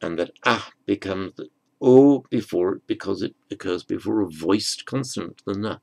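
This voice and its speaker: A man teaching a slow, patient grammar lesson, spelling out words and rules. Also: fairly low pitch, creaky, a little mellow, poor audio. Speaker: Sanskrit teacher.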